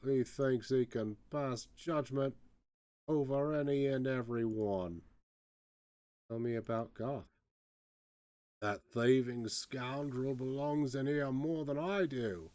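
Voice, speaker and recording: A man's voice: medium pitch, slow pace, warm tone, no echo, pitched above the performer's own voice, lightly acted. A man voicing a bitter old male sailor locked in a cell, grumbling in a put-on with archaic speech.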